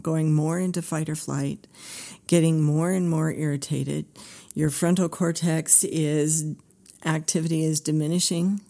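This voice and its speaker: A woman with a low, gravelly voice talks as a therapist. Her tone is mellow and warm. She speaks earnestly and acts out the dialogue as she tells the story. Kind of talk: storytelling talk.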